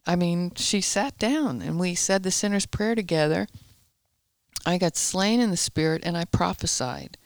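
A woman guest in a studio telling her personal faith story in a lively way, acting out past conversations as she goes. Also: on the low side, normal speed, no echo.

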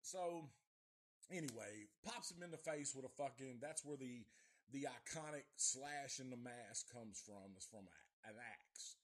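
A man's voice: mid-range voice, a little slow, slightly rough. A middle-aged man from the Nashville area, recapping a movie plot in a profane, rambling live review. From Nashville area, USA.

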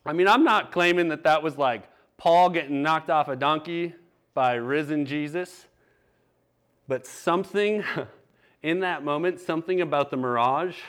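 A man's voice: a little high, a bit bright. A man preaching a sermon, telling a candid personal story in a conversational way. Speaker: pastor.

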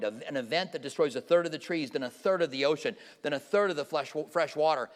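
A man with a fairly high voice teaches scripture in a conversational way, stopping to quiz his audience. His voice carries a long reverb from a large hall. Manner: informal, questions the audience directly. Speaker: Bible teacher. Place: church hall with a live audience.

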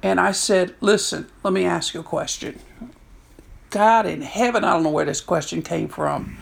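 A woman in her sixties, a prison chaplain, telling stories in an animated way and acting out what people said. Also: fairly low pitch, moderate pace, gravelly. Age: 60s. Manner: animated storyteller, acts out quotes. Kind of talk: storytelling talk.

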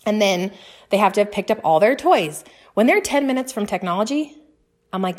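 A woman in her thirties talks straight to her listeners in a casual podcast monologue. Her voice sits at an ordinary middle pitch, and she sounds eager and chatty. She speaks with earnest, faith-filled warmth. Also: lively intonation, brisk. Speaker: podcast host and mother.

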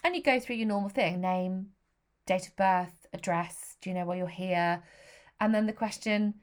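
A woman in her thirties speaking straight to camera about her own experience. Her pitch sits in a middling range, and her delivery is candid, heartfelt and unfiltered, with blunt swearing now and then. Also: normal speed. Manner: frank and emotional, with blunt swearing. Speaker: vlogger. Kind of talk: candid personal storytelling.

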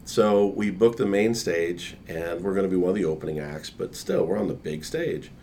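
A man with a deep baritone voice telling a lively anecdote in casual conversation. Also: moderate pace, slight background noise. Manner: animated anecdote-telling with laughs and quoted voices. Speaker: guest. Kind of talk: casual storytelling.

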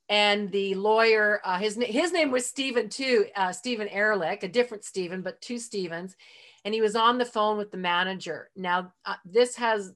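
A middle-aged woman talks through her past as a podcast guest in an easy, conversational flow at a medium pitch. She is open about her feelings and sprinkles her speech with casual fillers. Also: fairly bright tone. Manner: chatty, frequent fillers like "like" and "you know"; heartfelt, openly emotional. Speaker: interview guest. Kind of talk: casual storytelling in a podcast interview.

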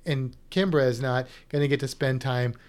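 A man's voice: medium pitch, fairly even intonation, moderate pace. A man co-hosting a podcast in casual chat, rambling and restarting his sentences as he reads listener comments. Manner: chatty, rambling with many restarts. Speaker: podcast co-host.

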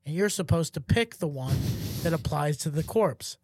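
Young man, podcast co-host, crude joking storyteller, fairly high pitch, dry sound. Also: moderate pace, darkish tone, husky, no echo. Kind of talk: casual comedic chat.

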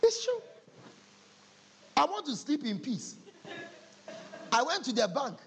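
A man preaching a humorous sermon, telling animated stories and acting out conversations. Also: extremely high pitch, takes it slowly, creaky, slight background noise. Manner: animated storytelling, acting out dialogues with laughter.

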